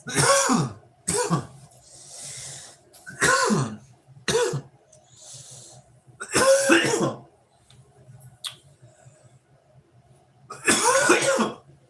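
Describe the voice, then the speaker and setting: A man's voice: very high voice, wildly swooping pitch, very slow, long pauses. A man hosting a casual live stream, chatting with viewers in a joking, laid-back way and swearing freely. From Pennsylvania. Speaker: livestream host. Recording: roomy echo, distant mic, ambient noise.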